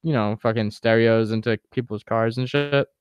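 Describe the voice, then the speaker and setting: Smooth-voiced young man joking on a podcast. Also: mid-range voice, fairly even intonation, normal speed, no room sound, lo-fi sound. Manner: laid-back, joking, casual swearing. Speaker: podcast co-host. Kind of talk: casual chat.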